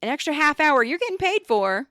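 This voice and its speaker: Woman podcaster swearing thru a work story, voice bounces all over, kinda high, dry close mic. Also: fairly quick, no room sound. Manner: animated, blunt and profane. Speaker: podcast co-host. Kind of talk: casual storytelling chat.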